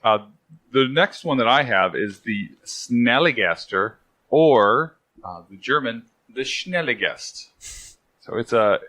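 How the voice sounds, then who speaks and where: A man's voice: mid-range voice, expressive, measured pace, sharp tone. A man co-hosting a podcast, telling odd stories in a loose, jokey way. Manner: jokey, digressive storyteller. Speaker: podcast co-host. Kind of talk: casual chat.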